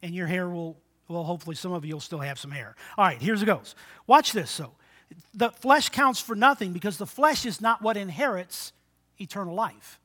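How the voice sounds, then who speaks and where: Pastor in his sixties, high bright voice, preaches with big swings from loud to hushed, asks for amens. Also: lively intonation, moderate pace. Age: 60s. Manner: dynamic preaching, swinging between loud exhortation and quiet, low asides; call-and-response with the congregation. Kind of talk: sermon.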